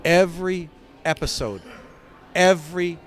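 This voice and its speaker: A man's voice: high voice, measured pace. Older man telling stories animatedly. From England. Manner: animated, acts out scenes with sound effects and quoted voices. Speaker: guest, comic book writer. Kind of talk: casual interview storytelling.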